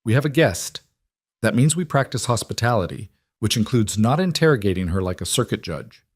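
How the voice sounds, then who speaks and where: Plain-spoken frontier father, read by a man; firm, gentle, low voice, dry. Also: animated, brisk, dry recording. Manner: firm but gentle, matter-of-fact.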